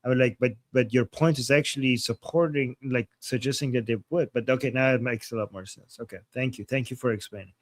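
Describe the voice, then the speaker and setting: A man hosting a political livestream, reading viewer super chats and reacting in casual, upbeat chat with quick acknowledgments. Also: mid-range voice, fairly even intonation, dry recording.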